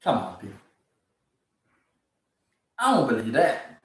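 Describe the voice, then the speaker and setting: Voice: medium pitch, huge pitch swings, slow. A speaker, ranting disbelievingly about odd news stories in a casual comedic commentary. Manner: incredulous, ranting, laughs often. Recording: very echoey, from far off the mic.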